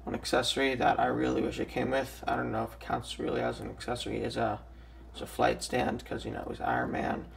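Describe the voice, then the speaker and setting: A young man with a raspy, just-woken-up voice, casually reviewing a toy with lots of ums and restarts. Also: mid-range voice, little pitch movement, quick pace, slight background noise. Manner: hesitant, many ums and restarts.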